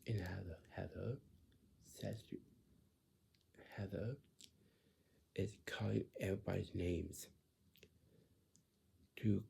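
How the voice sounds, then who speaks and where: The speaker is a man with a deep, steady, mellow voice and some vocal fry, recorded with a bit of hiss or hum. Explaining something in a casual way, he keeps repeating himself, stops and starts often, and occasionally lowers to a whisper.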